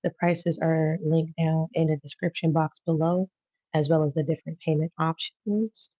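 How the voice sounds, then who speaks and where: A woman's voice: deep voice, fairly even intonation, moderate pace, warm tone, no room sound. A woman hosting a tarot-reading live stream in an easygoing, casual way, often repeating her greetings and thanks. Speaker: tarot reader and channel host. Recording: slightly dull lo-fi sound.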